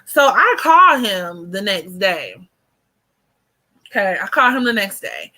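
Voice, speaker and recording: Young woman vlogger with a bright, forward voice, gabby storytime energy. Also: medium pitch, slow pace. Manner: chatty and animated, heavy on fillers, addresses viewers as y'all. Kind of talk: casual storytime chat.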